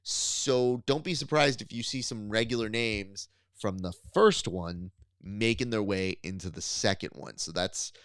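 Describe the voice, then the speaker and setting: A man co-hosting a casual podcast, riffing animatedly and pitching ideas with mock appeals to the listener. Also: unhurried, fairly bright tone, clear, resonant tone, no room sound. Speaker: podcast co-host.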